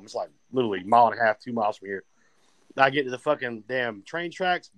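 A man's voice: medium pitch, fast talker, no echo, low-quality recording. A man telling profane stories in casual podcast chat. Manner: profane, animated storytelling. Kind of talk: casual storytelling.

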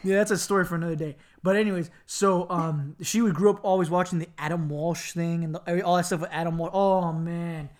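A man from Miami tells a family story a little fast, hardly pausing, in a casual chat. Animated and laughing, he imitates people with squeaky voices.

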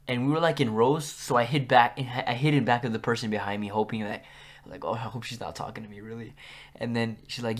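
A young man hosting a podcast, telling school stories in a casual, animated way and acting out what people said. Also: medium pitch, a little fast. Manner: animated, acts out quotes with big jumps in loudness. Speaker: podcast host. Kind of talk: casual storytelling.

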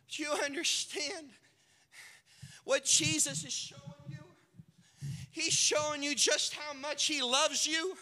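A male pastor delivers a sermon in a high, bright voice, taking his time over each phrase. He tells the story dramatically, acting out the characters' voices. The sound carries a long reverb from a large hall. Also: steady tone, measured pace, long pauses.

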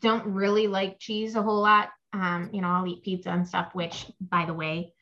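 A woman's voice: medium pitch, level tone, moderate pace, sharp tone. A young woman, a mother, talking casually about her babies, rambling with fillers. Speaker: guest mom. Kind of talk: casual chat. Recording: slightly dull lo-fi audio.

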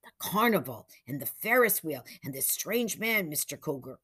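A woman's voice: low voice, big pitch swings, normal speed, bright, forceful tone, slightly rough, heavily acted. A woman voicing an earnest, determined young boy who explains things urgently.

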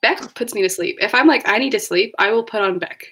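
A woman co-hosting a casual podcast chat, retelling scenes with quick laughs and playful quoted voices. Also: on the high side, a bit bright, slightly rough. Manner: laughing, storytelling, acts out lines in quoted voices. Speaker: podcast co-host.

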